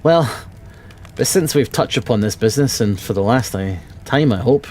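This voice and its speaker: A man reading a kindly, troubled male doctor in his own Edinburgh accent, speaking in a warm, pleading way. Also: medium pitch, lively intonation, moderate pace, a little hiss or hum, close to an everyday voice. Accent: Scottish, Edinburgh.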